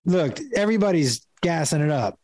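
A middle-aged comedian, appearing as a guest, tells a funny story with animated energy, laughing often and acting out the voices of its characters. His slightly high voice is expressive, a little mellow, and at normal speed, with slight background noise.

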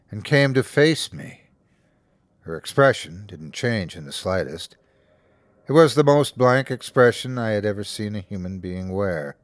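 A man hosting and narrating a first-person horror story in a steady, scripted storytelling manner. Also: fairly low pitch, dry recording. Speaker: host and narrator.

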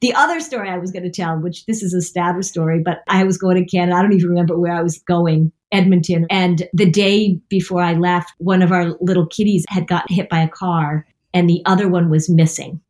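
A woman's voice: fairly low pitch, fairly even intonation, brisk, hardly any pauses, darkish tone. A woman guest on a podcast, telling embarrassing stories about herself with plenty of laughter. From New England, United States. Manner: self-deprecating storyteller, laughs a lot. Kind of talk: casual podcast chat.

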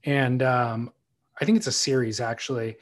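A man co-hosting a podcast, chatting casually about surfing in a relaxed, teasing way. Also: medium pitch, normal speed. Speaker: podcast co-host. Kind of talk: casual surf talk chat.

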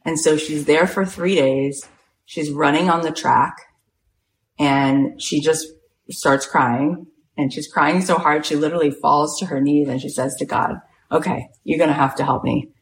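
A woman hosting a talk show, retelling a story in a chatty, animated way with lots of filler words. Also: deep voice, unhurried, slight background noise, poor audio. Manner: lively, retells events with acted-out quotes. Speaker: podcast host and coach.

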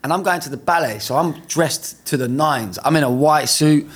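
A man's voice: a little high, moderate pace. A young man from England, a guest singer, telling a casual story with laughter and acted-out quotes.

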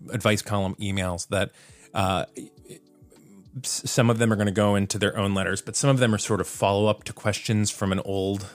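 Man, podcast host, casual solo monologue, self-deprecating, lots of fillers, lowish voice, faint background music. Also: dry recording. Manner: self-deprecating, laughs at himself, frequent fillers.

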